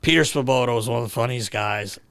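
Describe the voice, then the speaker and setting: A man hosting a podcast, telling stories casually, animated and laughing, swearing freely. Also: mid-range voice, fast talker, gravelly. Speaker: podcast host. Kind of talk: casual storytelling.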